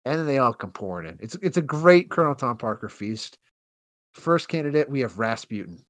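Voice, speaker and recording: Animated young man in casual chat. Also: mid-range voice, brisk, no room sound. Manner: animated, mimics characters in jokey voices. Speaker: podcast co-host.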